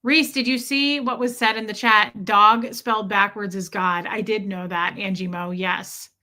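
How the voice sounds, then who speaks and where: Bright, chatty woman livestream host. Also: mid-range voice, a little slow. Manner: chatty and animated, replies to viewers by name. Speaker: livestream host reading chat. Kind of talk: casual livestream chat.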